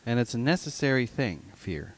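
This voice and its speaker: A man's voice: mid-range voice, very animated, moderate pace, slight background noise. A man co-hosting a podcast in casual chat, dry and sarcastic in his asides. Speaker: podcast co-host.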